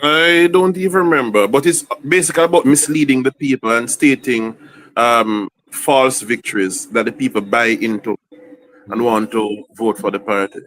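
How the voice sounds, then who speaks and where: A man's voice: medium pitch, moderate pace, fairly bright tone, low-quality recording. Earnest man criticizing policy. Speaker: panel guest. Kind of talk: political discussion.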